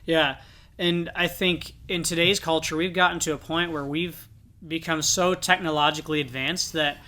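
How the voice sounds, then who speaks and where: A man's voice: a little high, level tone, normal speed, bright, forceful tone. A man co-hosting a podcast, earnestly reflecting in a casual Bible discussion. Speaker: podcast co-host.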